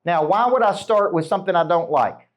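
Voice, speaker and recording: Punchy middle-aged coach firing questions. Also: male voice, high voice, fairly quick. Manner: punchy, fires rhetorical questions at the crowd. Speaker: business coach. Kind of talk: motivational talk to a live audience.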